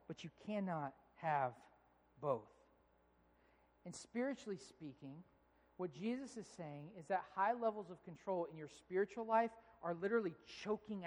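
A man in his thirties preaching a sermon, telling family stories in a relaxed, conversational way. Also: high voice. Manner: conversational, storytelling, animated when amused. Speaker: pastor. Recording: long reverb of a large hall.

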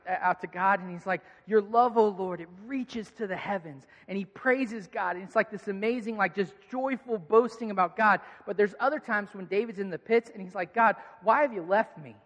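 A man's voice: sits high, fairly bright tone. A man preaching a conversational, earnest sermon as a pastor to a church congregation. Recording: reverberant hall.

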